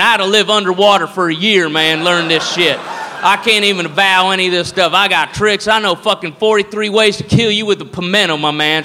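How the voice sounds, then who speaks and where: A man's voice: high-pitched, pushed and bright, big-room sound. A man, doing a swaggering, threatening drunk redneck bar brawler in a stand-up comedy set.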